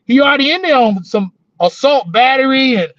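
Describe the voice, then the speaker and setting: High-voiced male co-host, rambling and profane, dry dull audio; casual storyteller, prison-work talk. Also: animated, fairly quick, a bit bright, no echo. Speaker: podcast co-host, former corrections officer. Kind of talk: casual chat.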